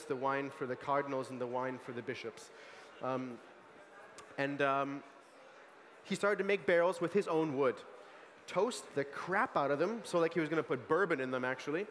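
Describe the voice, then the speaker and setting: An American man in his young adult years leads a wine tasting with an animated, chatty manner, piling on asides and fillers. His voice sits a little high for a man. It rings out with a long reverb through a large hall, over a faint murmur of people. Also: a little hiss or hum. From United States. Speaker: sommelier giving a wine tasting talk. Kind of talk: lively tasting presentation. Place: large hall at a food market event.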